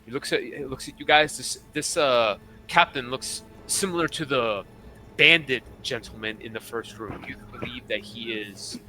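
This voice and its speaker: A man's voice: medium pitch, normal speed, sharp tone, a little hiss or hum. A man narrating a tabletop game as game master in a casual way.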